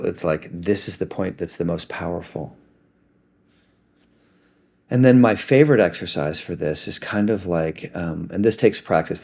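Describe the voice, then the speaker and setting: A man gently and reflectively talking through an emotional self-help practice. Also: low-pitched, gravelly, slightly rough.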